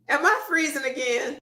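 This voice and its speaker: A woman's voice: high-pitched, sharp tone, roomy sound. A woman hosting a live stream, chatting casually and patiently checking whether viewers can hear her.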